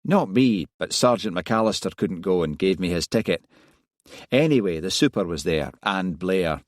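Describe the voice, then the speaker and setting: A man's voice: sits low, expressive, normal speed, dry recording, studio quality. A man reading aloud, voicing a wry, gossipy Scottish detective inspector who likes his whisky. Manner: chatty, gossipy storytelling.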